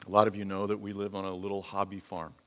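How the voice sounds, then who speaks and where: A middle-aged pastor preaching in a fairly low voice. He teaches patiently, then climbs higher and louder when he drives a point home. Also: completely flat delivery, fast talker. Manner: preaching, swells loud and high for emphasis. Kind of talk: sermon.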